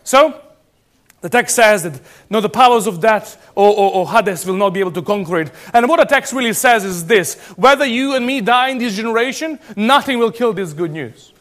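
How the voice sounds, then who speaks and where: A man from Serbia preaching a sermon as pastor, animated and emphatic, often restarting his phrases. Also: sits high, moderate pace.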